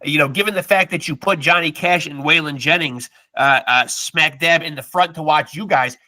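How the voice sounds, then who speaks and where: A man's voice: a little high, normal speed, bright, forceful tone, no echo. A man hosting a podcast who gives short reactions and asks long, rambling questions. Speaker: podcast host. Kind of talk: casual interview.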